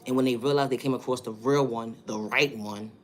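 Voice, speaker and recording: Talking fairly quickly at a medium pitch, this New York-accented man keeps his intonation fairly even through a vlog monologue. His style is emphatic and repetitive, full of rhetorical questions.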